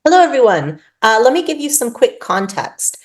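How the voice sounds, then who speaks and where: A woman author reading her own urban fantasy novel aloud, in expressive first-person narration. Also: on the high side, normal speed.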